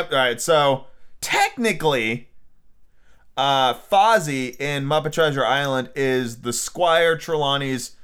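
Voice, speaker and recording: A man's voice: mid-range voice, fairly bright tone, clean tone. A young man hosting a podcast, reading a classic novel aloud and breaking off into blunt, profane, opinionated asides. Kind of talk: casual audiobook reading with rants.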